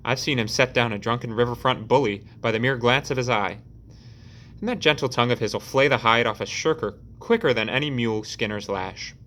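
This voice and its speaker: A man voicing a boisterous middle-aged construction boss who talks loudly and heartily, in an audiobook reading. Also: medium pitch, fairly quick, lightly acted. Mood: amused. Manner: loud, roaring and jovial.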